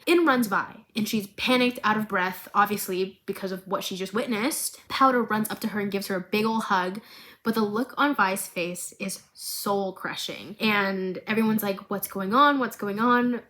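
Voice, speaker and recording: A woman's voice: mid-range voice, normal speed. A young woman vlogger recapping a TV series in a dramatic, chatty way, full of asides. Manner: animated, dramatic, laughing asides.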